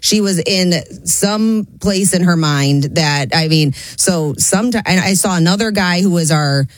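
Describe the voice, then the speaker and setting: A woman's voice: lowish voice, a little slow, dry recording. A woman on a radio show chatting casually, telling a loose, chatty anecdote.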